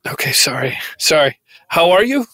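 A man playing a hungover airport doctor who has just been woken, confused and slow, in an improv comedy scene. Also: a little high, big pitch swings, sharp tone, no room sound, clean studio sound, exaggerated voice. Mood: groggy.

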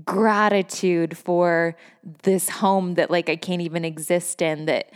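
A woman podcast host speaks in a somewhat low voice, unguarded and effusive as she tells her own story. She swears without a second thought and scatters "like" through every sentence. Bursts of laughter keep breaking into her phrases. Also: flat delivery, slow pace, smooth, big-room sound. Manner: candid and effusive, swears freely, heavy use of "like"; laughs often between phrases. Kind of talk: casual personal storytelling.

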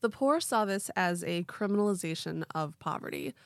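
A woman's voice: mid-range voice, animated, moderate pace, dry recording, clean studio sound. A young woman co-hosting a true-crime podcast, telling the story in a casual way with lots of "like". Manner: casual, leans on "like" and "quote unquote". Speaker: podcast co-host.

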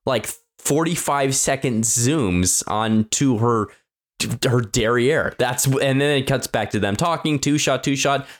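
A man co-hosting a podcast, describing a film in a relaxed, halting way with small restarts. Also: medium pitch. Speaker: podcast co-host. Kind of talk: casual film review chat.

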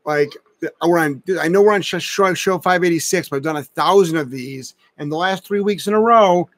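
Blunt, emphatic dog-trainer host. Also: male voice, on the high side, a little fast, no echo. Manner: blunt, emphatic, rants with profanity. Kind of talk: casual live-stream advice chat.

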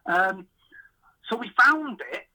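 A man's voice: high-pitched, expressive, slow pace, pushed and bright, poor audio. A man from England, a podcast guest and fishery owner, telling rambling self-deprecating stories in a casual chat. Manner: chatty, self-deprecating, rambling anecdotes with quoted dialogue. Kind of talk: casual storytelling.

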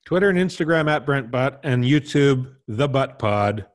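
Dry, wry male comic guest, mid-pitched, casual and self-deprecating. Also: expressive, unhurried. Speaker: comedian guest. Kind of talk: casual interview chat.

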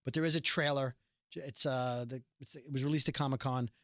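A podcast co-host chats casually, rambling and frequently restarting his sentences. His mid-range voice is fairly bright, with fairly even intonation and a quick pace, recorded cleanly in a studio with no echo.

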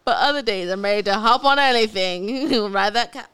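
A young woman in her twenties, a podcast co-host chatting candidly and reading a listener letter aloud, animated and quick to laugh. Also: mid-range voice, clear, resonant tone.

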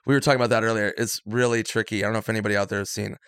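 Male comedian guest spinning anecdotes, animated quoting, dry studio sound. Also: on the low side, racing, clean tone, no room sound. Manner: animated storyteller acting out quotes. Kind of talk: casual storytelling.

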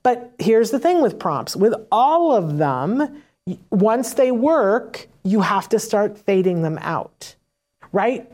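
A woman walks parents through teaching techniques in a relaxed, conversational way. She keeps checking in with "right?" and briefly acts out both sides of short exchanges in a livelier voice before going back to her explanation. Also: medium pitch, takes it slowly. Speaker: parent educator on autism teaching. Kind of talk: casual instructional talk.

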